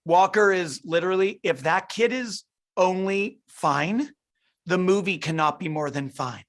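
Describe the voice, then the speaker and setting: A man's voice: high voice, measured pace. Eager middle-aged man, a director interviewed. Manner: eager, restarts and repeats words as he thinks. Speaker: film director. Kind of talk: interview over a video call.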